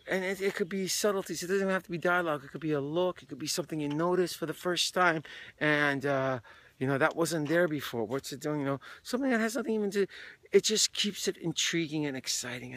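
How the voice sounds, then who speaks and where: A man talking casually as an acting coach, animated and full of stories, sometimes dropping to a hushed voice. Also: on the high side, no echo. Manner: casual and animated, with swearing and storytelling. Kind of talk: candid talk on acting.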